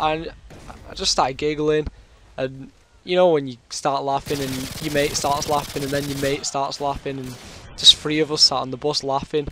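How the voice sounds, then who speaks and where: A man's voice: fairly high pitch, flat delivery, moderate pace, background noise. Chatty British guy with a sore throat. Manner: rambling, chatty, full of fillers. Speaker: gaming commentator. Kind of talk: casual storytelling over gameplay.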